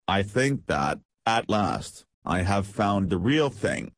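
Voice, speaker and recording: A man reading the part of a young army captain who speaks gently and earnestly. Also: on the low side, very animated, dry recording, exaggerated voice. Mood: gentle. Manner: gentle, measured.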